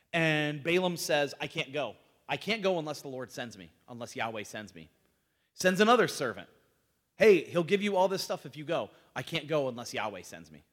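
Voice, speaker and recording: Brief: man, higher-pitched, casual Bible class teacher, talks with the group, voices the quotes; reverberant hall. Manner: conversational, asks the group questions, retells scenes with lively voiced quotes.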